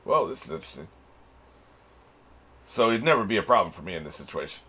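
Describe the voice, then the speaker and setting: A man gives loose, casual commentary while reacting to an anime episode. His voice sits low and a little husky but has a bright, forceful edge, and his pitch swings widely. He laughs often and swears without a second thought. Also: very animated, fast talker. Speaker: reaction channel host.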